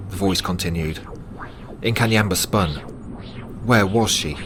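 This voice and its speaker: Low male narrator, dramatic measured horror storytelling, music bed clearly heard underneath.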